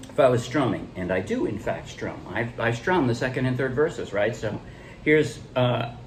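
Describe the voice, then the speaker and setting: A little hiss or hum sits under this man's medium-pitched voice as he walks through a ukulele song in a loose, casual tutorial. He explains haltingly and restarts, counting beats, calling strums and demonstrating chord changes in a relaxed way.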